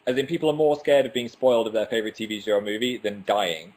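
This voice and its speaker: A fast-talking young man with a fairly low, somewhat mellow voice runs a laid-back livestream via webcam. Between viewer comments and chatter, he mocks himself and occasionally fumbles his words.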